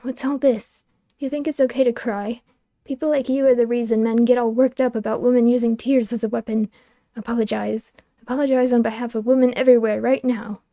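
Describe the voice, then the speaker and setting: A woman's voice: on the high side, steady tone, fairly quick, mellow, dry recording, lightly acted. A woman voicing a harsh, stern woman who berates and demands, in a game playthrough. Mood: stern scolding. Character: harsh scolding middle-aged woman.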